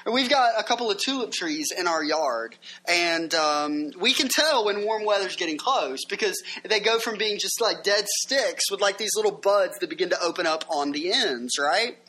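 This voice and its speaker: A pastor delivers a sermon with a bright, forceful voice. The preaching is conversational, full of rhetorical questions, and the pitch sits at an ordinary middle height. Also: animated, moderate pace.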